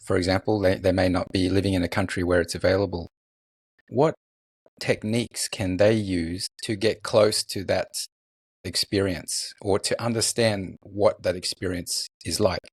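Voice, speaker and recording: A man hosting a podcast, asking a guest a measured question. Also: low-pitched, fairly even intonation, slightly rough, no room sound. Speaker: podcast host. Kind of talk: interview question.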